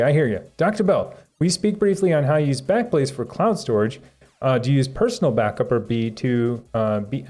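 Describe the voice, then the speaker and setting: A man's voice: mid-range voice, a little mellow. A man chatting casually on a tech live stream, rambling and chuckling as he reads viewer comments aloud.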